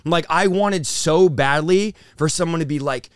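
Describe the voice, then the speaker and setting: Young pastor, male, raised voice, smooth and resonant, dry close mic; passionate testimony-teller. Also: a little high, moderate pace, few pauses, no room sound. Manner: intense, storytelling with acted-out quotes. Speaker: pastor and guest. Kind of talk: emotional testimony in an interview.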